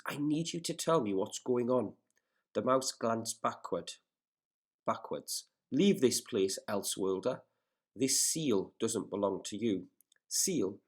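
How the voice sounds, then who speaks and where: A male teacher reading a story aloud in a recorded lesson, stopping to explain words and setting questions in a patient, measured way. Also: mid-range voice. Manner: careful, measured classroom delivery.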